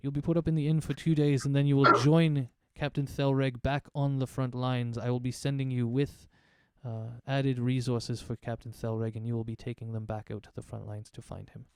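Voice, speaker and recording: A man's voice: mid-range voice, flat delivery, moderate pace, few pauses, clear, resonant tone, dry recording, natural voice. A man voicing a stern hotheaded warrior mayor. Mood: formal. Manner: stern, formal, commanding. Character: hotheaded former warrior, male town mayor. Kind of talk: tabletop role-play voicing.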